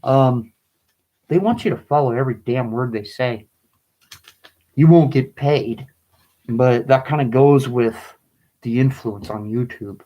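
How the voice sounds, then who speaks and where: A man reading and explaining his own poem in a video, pleading and agitated, his voice rising into angry bursts, with halting restarts. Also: medium pitch, mellow, rough recording. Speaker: vlogger.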